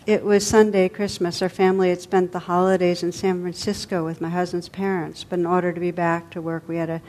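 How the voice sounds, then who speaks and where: A woman meditation teacher tells a story in a dharma talk. Her voice sits low for a woman, and her delivery is gentle and unhurried. She lets her phrases soften and fall away at the ends. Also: level tone.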